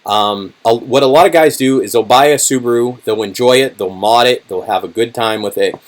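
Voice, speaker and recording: A man hosting a casual livestream, with a hoarse, worn-out voice, talking loosely with lots of fillers as he answers chat. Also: mid-range voice, fairly quick. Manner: chatty, many fillers, car-enthusiast talk. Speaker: channel host answering live chat.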